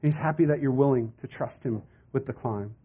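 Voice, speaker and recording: A man's voice: mid-range voice, fairly quick, warm tone, husky. A man preaching a sermon as a pastor in a conversational way, with asides and laughs.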